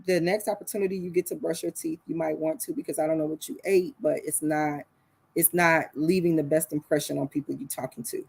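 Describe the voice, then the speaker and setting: A woman as a hushed, caring friend. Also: deep voice, fairly even intonation, fairly quick, gravelly, slightly rough, exaggerated voice. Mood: discreet. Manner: hushed, confidential, gentle. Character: caring friend giving quiet, discreet advice.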